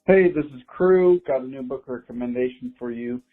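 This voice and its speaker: A man's voice: mid-range voice, moderate pace. A man leaving a friendly, casual voice message recommending something to the show. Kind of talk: recorded voice message. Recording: tinny phone line with faint music.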